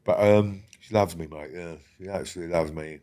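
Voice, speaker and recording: A middle-aged man, a guest in a casual podcast interview, talking bluntly with lots of swearing and often dropping to a quiet murmur. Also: brisk. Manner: blunt and heavy on swearing, drops to a low murmur.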